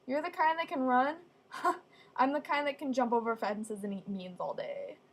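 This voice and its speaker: A young woman telling funny stories casually, with deadpan asides. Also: high-pitched, moderate pace. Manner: chatty, deadpan asides, acts out quoted voices. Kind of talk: casual storytelling.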